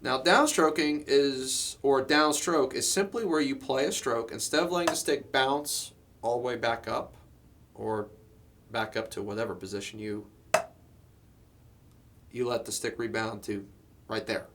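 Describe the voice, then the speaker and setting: A man giving a drum lesson, explaining step by step in a relaxed way, with frequent fillers and "okay?" check-ins. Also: mid-range voice, a little slow, long pauses, a little hiss or hum. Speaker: drum teacher. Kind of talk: instructional lesson.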